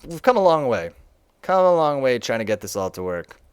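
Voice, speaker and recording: A man's voice: medium pitch, big pitch swings, a little fast, clear, resonant tone. A young man casually walking through his own game on a live stream, chatty and laughing often.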